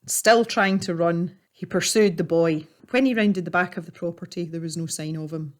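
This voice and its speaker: A woman calmly narrating a story while she paints. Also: fairly low pitch. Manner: calm, measured storytelling. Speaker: artist and storyteller.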